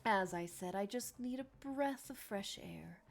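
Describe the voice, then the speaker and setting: A woman's voice: medium pitch, expressive, unhurried, soft background music. A woman voicing a boastful vain bard. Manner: boastful, theatrical, smooth-talking. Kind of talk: reading game dialogue aloud.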